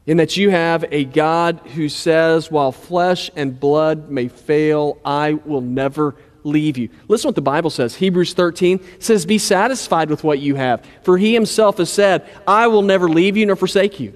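A male pastor delivers a sermon with a notably high-pitched voice. He talks in a relaxed, conversational manner, often sinking to a low, soft voice to drive a point home. The sound carries a long reverb, as in a large hall. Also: normal speed, hardly any pauses. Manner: conversational preaching, dropping low and quiet for emphasis.

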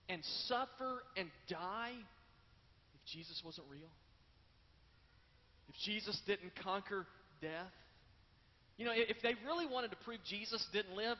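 Dynamic preacher man in a reverberant hall. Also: high voice. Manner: dynamic storytelling preacher, swings from loud to hushed. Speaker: pastor. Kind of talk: sermon. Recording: long hall reverb, dull lo-fi sound, faint ambience.

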